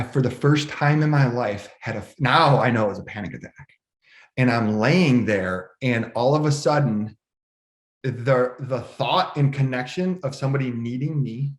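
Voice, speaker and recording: Man, emotional storyteller, many restarts, mid pitch, echoey room. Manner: emotional, restless retelling with many restarts and quoted dialogue. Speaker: podcast guest. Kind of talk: personal story in conversation. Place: indoor room at home.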